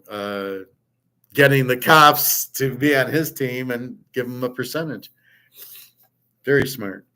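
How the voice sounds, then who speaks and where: Casual middle-aged guy hosting, sarcastic rambly rant, voice at an ordinary pitch. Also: a bit bright. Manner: rambling, sarcastic, with frequent restarts. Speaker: host. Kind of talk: casual opinionated monologue.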